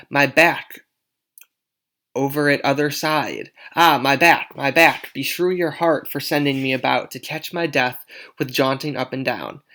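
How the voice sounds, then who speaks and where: A man's voice: medium pitch, a bit bright. A man doing a fussy old nurse. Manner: grumbling, teasing, dragging things out. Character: old nurse, fussy and complaining about aches. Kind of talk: dramatic read-aloud of a play.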